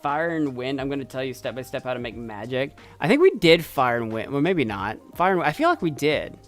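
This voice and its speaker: Lively, playful male streamer. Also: medium pitch, fairly quick, soft background music. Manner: playful, excitable, thinking aloud. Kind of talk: casual gameplay commentary.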